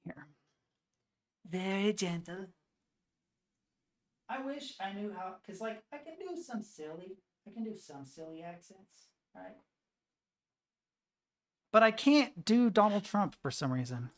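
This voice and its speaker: A woman streamer chatting casually to her viewers, swearing and excitable, muttering between outbursts. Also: medium pitch, unhurried. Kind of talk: casual live-stream chat.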